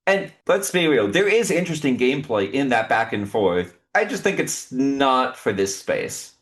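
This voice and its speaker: A young man chatting casually as a podcast guest, opinionated and quick to laugh. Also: medium pitch, big pitch swings, a bit bright. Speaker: podcast guest, cube designer. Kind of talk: casual chat.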